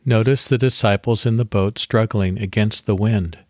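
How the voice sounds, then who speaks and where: A man hosting a devotional podcast, reading scripture slowly and leading a guided meditation. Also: fairly low pitch, a little mellow, no echo, studio quality.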